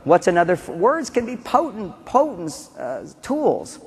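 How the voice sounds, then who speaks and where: A man giving a conference talk on relationships, animated, acting out quotes and repeating key phrases. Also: high voice, a little slow, husky. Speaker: relationship seminar speaker. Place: large conference hall. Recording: long reverb of a conference hall.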